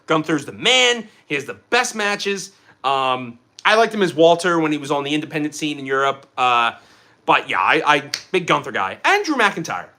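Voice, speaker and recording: Lively bright-voiced young man streaming. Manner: energetic, rambling, quick pitch jumps and bursts of laughter. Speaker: livestream host. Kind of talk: casual livestream chat reading viewer comments.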